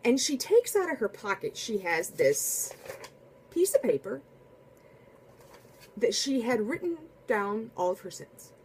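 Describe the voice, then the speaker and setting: A woman telling a casual spoken anecdote in a chatty, animated way, full of asides and restarts. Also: on the high side, unhurried, long pauses, slight background noise. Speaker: storyteller.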